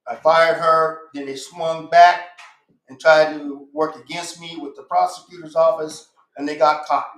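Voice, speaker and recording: A man talks in a high voice on a casual podcast. He is emphatic and insistent and circles back to repeat his points. The sound is roomy, with a noticeable echo. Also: level tone, measured pace, a bit bright. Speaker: guest. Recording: echoey room.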